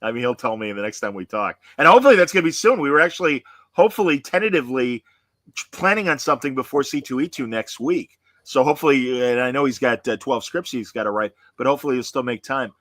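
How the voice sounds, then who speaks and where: A man's voice: medium pitch, expressive, fast, fairly bright tone, dry recording. A man hosting a podcast in casual chat, rambling and self-deprecating, often slipping into voices. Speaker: podcast host.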